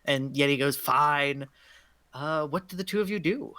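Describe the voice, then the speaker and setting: A woman running a tabletop game as game master, her voice a little low. She talks casually, with lots of fillers, and guides players through checks and scenes. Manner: casual, with many fillers and quick laughs.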